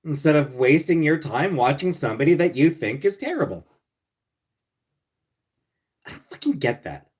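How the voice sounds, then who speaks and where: A man's voice: on the high side, sing-song, a little slow, long pauses, breathy edge. Profane, sarcastic man ranting on a livestream. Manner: blunt and profane, swinging between mutters and loud rants. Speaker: livestream host. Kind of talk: casual livestream chat reading viewer comments.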